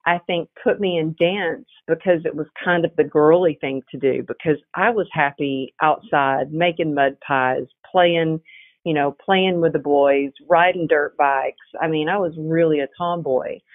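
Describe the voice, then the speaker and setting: A middle-aged woman, a guest coach, telling her story in a lively conversational way, laughing often and restarting her sentences. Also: low voice, measured pace. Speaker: podcast guest, resilience coach. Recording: tinny phone line.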